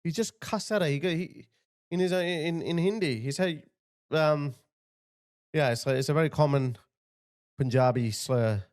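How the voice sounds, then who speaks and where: A man's voice: a little high, normal speed, long pauses, a little mellow. A man hosting his channel, giving indignant political commentary over video clips and often repeating himself to point things out. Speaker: channel host.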